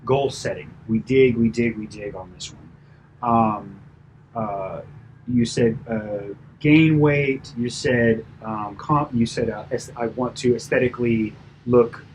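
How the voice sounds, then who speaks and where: Man, personal trainer, casual coaching talk, animated, faint background noise. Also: medium pitch, slow pace, poor audio. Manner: chatty, animated, many fillers and asides.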